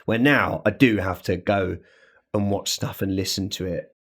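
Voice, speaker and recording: A man from England with a high-ish baritone, a guest chatting in an interview. He talks in a lively way and slips briefly into other people's voices. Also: moderate pace. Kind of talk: casual interview chat.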